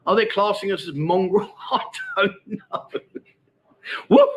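A man's voice: high-pitched, a little slow, highs cut off. A middle-aged man hosting a casual livestream, chatting and reading out viewer comments in a matey, laughing way. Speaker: livestream host. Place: Pattaya, outdoors.

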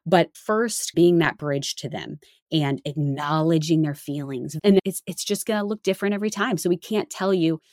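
A woman's voice: normal speed, no echo, studio quality. A woman co-hosting a faith-based parenting podcast, talking casually and acting out what parents say. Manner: animated, acts out quoted parents in higher voice. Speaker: podcast co-host.

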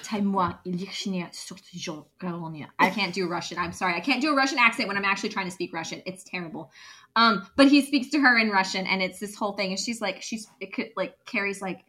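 Woman podcast co-host, bright tone, excitable and rambling. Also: mid-range voice, fast. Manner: excited, laughing, rambling with restarts. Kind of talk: casual chat, recapping a book.

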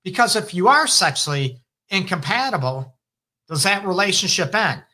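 A middle-aged man with a Detroit accent hosts a casual advice show on relationships. His voice is bright and lively, swinging up into sudden loud exclamations. He talks in an emphatic, animated way. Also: high voice, moderate pace. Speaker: relationship counselor and show host.

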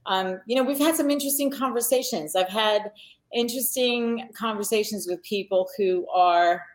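A woman's voice: medium pitch, moderate pace. A middle-aged woman from Long Island, chatting as a podcast guest and telling stories with frequent fillers and restarts. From Long Island, New York. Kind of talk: casual conversation.

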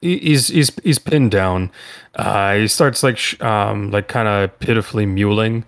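Low-voiced man running a tabletop game. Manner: loose, halting narration full of fillers. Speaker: game master. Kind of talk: narrating a tabletop role-playing game.

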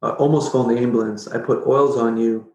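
A middle-aged man telling a personal story as a podcast guest, animated and jokey, acting out his own past reactions. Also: mid-range voice, brisk. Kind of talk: casual storytelling interview. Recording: roomy echo.

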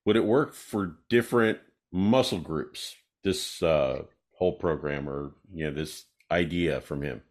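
A man's voice: rumbling low, unhurried. A man hosting a casual podcast, asking easygoing questions with hesitant fillers. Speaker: host.

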